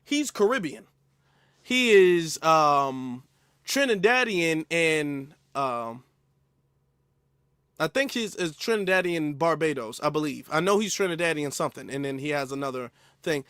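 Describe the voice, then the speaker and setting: A man hosting a reaction commentary, animated and mocking. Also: a little high, unhurried, clear, resonant tone, no room sound. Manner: animated, mocking impressions of others. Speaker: commentary host.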